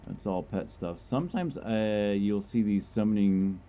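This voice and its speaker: A man's voice: lowish voice, lively intonation, a little slow, lo-fi sound. A man giving casual, joking commentary while streaming a game, chatty and rambling as he plays.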